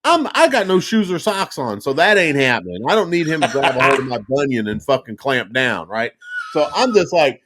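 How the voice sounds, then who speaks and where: Swearing freely and laughing a lot, a middle-aged man hosts a podcast full of animated stories. He talks a little fast at medium pitch, with a faint hiss or hum in the recording.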